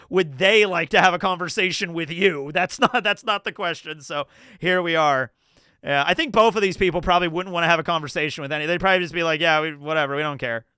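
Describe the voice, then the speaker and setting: A man's voice: high voice, sharp tone, clean tone, no echo, studio quality. A man from New Jersey giving chatty, casual livestream commentary, laughing often and swearing freely. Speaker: streamer.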